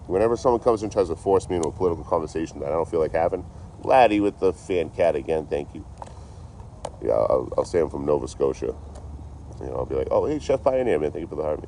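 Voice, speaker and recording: A very low-voiced man from around Boston rambles through a casual, swear-filled livestream. His tone is dark and mellow, recorded on a phone outdoors with faint vehicles passing. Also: expressive, fast talker, gravelly, a little hiss or hum. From Boston area, US. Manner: rambling, profane, laid-back. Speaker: traveling livestreamer. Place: outdoors behind a store.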